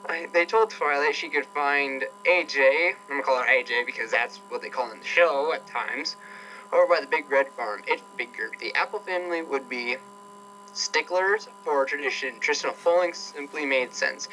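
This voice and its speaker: A man's voice: mid-range voice, normal speed, pushed and bright, soft background music, rough recording. A man doing a comedic reading of fan fiction aloud, irreverent and swearing, often breaking off to laugh.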